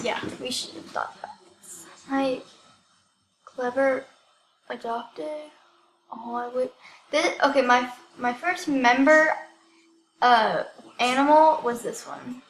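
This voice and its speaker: High, giggly girl gamer chatting slowly. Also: roomy sound, a little hiss or hum, poor audio. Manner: excitable and giggly, heavy use of "like". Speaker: game video creator. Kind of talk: casual gameplay commentary.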